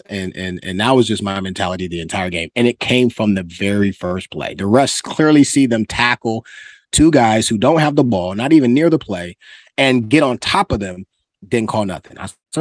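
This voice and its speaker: Man, 40s, from California, podcast co-host, lively pitch, dry close mic, laughs between lines. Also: normal speed, dry recording. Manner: animated, acts out quotes with big pitch jumps, laughs often. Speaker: podcast co-host, former football player. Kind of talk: casual storytelling chat.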